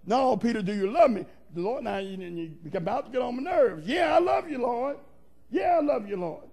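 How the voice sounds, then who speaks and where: A man's voice: high-pitched, expressive, fairly quick, gravelly, darkish tone, heavily acted. A man voicing the apostle Peter as a stubborn, self-assured grown man protesting his loyalty. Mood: exasperated. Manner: brash, offhand protesting.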